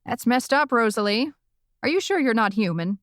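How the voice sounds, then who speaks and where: A woman's voice: on the high side, expressive, moderate pace, no room sound, voice pushed up, lightly acted. A brash old witch grandmother working a stand-up crowd with bawdy, brassy timing, as a woman narrator puts her on. Her lines punch upward at the jokes. The reading is close and dry. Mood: cutting. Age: older. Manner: brassy, bawdy comic delivery.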